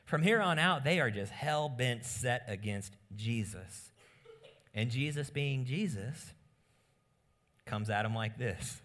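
A male pastor preaching a sermon in an emphatic style, asking rhetorical questions and swinging from soft asides to loud emphasis. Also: medium pitch, animated, unhurried, long pauses.

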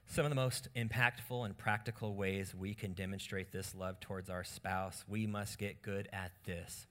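A man preaching a sermon on marriage in an animated way, acting out quoted lines in different voices. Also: mid-range voice. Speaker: pastor.

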